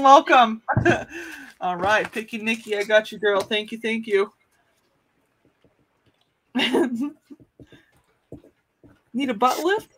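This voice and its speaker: A woman runs a live jewelry auction in a relaxed, chatty way. Her voice sits a little above average in pitch. She keeps up easy talk with her viewers and laughs often. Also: a little hiss or hum. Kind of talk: casual live-stream selling chat.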